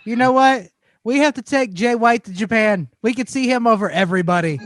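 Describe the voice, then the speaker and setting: A man's voice: very high-pitched, brisk, dry recording. A man co-hosting a casual podcast, joking and teasing the others. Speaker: podcast co-host. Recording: clear background noise on his mic.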